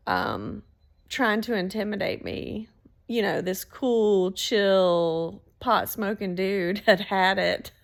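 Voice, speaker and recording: A woman telling a story in a casual, animated way, swearing freely. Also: medium pitch, vocal fry. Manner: animated, swearing, laughs between lines.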